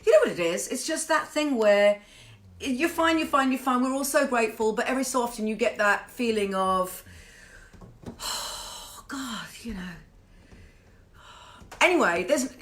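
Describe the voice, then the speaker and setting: A British woman singer hosting a casual home livestream, chatty and warm with viewers, greeting them by name and swearing playfully. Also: fairly high pitch, animated, normal speed. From Britain.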